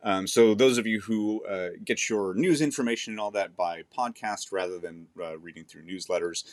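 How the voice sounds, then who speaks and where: A man hosts his own podcast, reading a newsletter aloud in a somewhat low voice, with casual, self-deprecating asides and plenty of "uh" and "um." He records in a tiny closet in front of a sheet. The sound is close and dead, with no room echo. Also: normal speed. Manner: chatty and self-deprecating, with frequent fillers. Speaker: podcast host and author.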